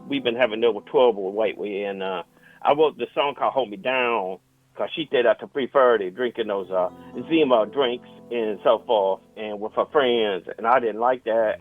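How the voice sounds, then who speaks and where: A man's voice: mid-range voice, lightly acted. A man playing a boastful rock musician who calls in, rambling and stammering. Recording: tinny phone line.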